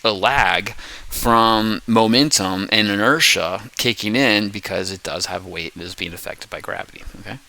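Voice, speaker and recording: A man hosting his own science video, explaining a rambling theory in casual talk, coughing and clearing his throat often, with playful beep-boop noises. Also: lowish voice, normal speed, sharp tone, rough recording. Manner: adds playful beep-boop sound effects. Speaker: hobbyist science video host.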